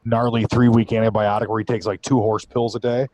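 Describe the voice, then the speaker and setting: A man's voice: fairly low pitch, flat delivery, fast, darkish tone. A man hosting a podcast, telling stories in loose, profane casual chat and laughing often. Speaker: podcast host.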